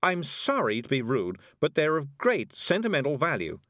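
A man's voice: a little high, wildly swooping pitch, normal speed, fairly bright tone, no room sound, clean studio sound, pitched above the performer's own voice. A man voicing a frail, fussy woman witch who speaks politely in a quavering voice. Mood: fretful.

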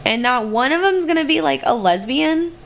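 Chatty woman podcast co-host, higher voice. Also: expressive, normal speed, vocal fry, slight background noise. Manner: rambling and tangent-prone, swears casually. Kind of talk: casual podcast chat.

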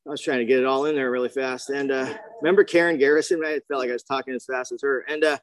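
A man telling his personal recovery story at a meeting, slangy and animated, acting out the voices of the people he quotes. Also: medium pitch, very fast, no echo. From grew up near the ocean.

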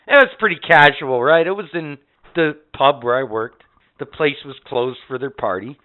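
A man's voice: medium pitch, moderate pace. A man telling rambling, profane stories as a podcast co-host in casual chat. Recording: tinny phone-like audio.

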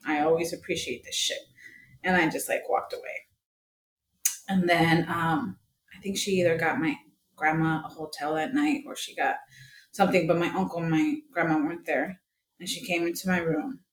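A woman's voice: on the low side, a little hiss or hum. A young woman from Colombia, a podcast guest, candidly telling a personal story, swearing freely and acting out the voices of people she quotes. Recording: echoey room with faint ambience.

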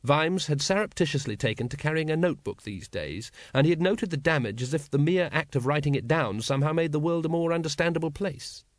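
A man narrating a comic fantasy audiobook in a wry, expressive storytelling manner. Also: fairly high pitch, a little fast, hardly any pauses, no echo, clean studio sound. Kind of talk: scripted narration.

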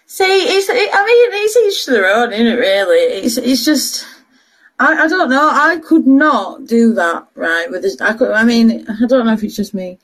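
A woman's voice: a little high, lively intonation, moderate pace. A young woman in her twenties, co-hosting a casual chat show and telling stories while laughing often. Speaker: podcast co-host.

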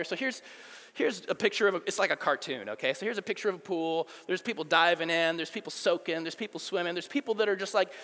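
A man's voice: a little high, fairly bright tone. A young adult man, a youth pastor, preaching a casual, conversational sermon in a church hall. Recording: long hall reverb.

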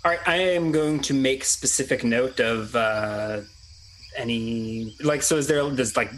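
A man's voice: mid-range voice, a little slow, fairly bright tone, a little hiss or hum, rough recording. A man playing a tabletop role-playing game, chatty and thinking aloud with many restarts. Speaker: player. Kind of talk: casual tabletop game play.

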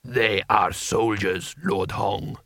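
A man's voice: lowish voice, steady tone, slow, gravelly, a bit bright, dry recording, studio quality, voice pushed down, full character voice. A man voicing a blunt, unimpressed male warlord who speaks sharply and matter-of-factly.

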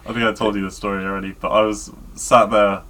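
A man co-hosting a podcast, telling stories in a rambling, animated way. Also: fairly low pitch, fast talker, a little hiss or hum. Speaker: podcast co-host. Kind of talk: casual chat.

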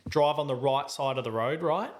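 A man hosting a podcast, telling a story in a casual, animated way and acting out his own lines. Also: mid-range voice, moderate pace. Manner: animated, acts out his own quotes loudly. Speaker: podcast host.

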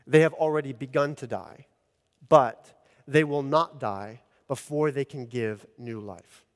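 A pastor gives an earnest expository sermon, his mid-range voice a little slow and rising in emphasis at the key points. Long church reverb fills the recording.

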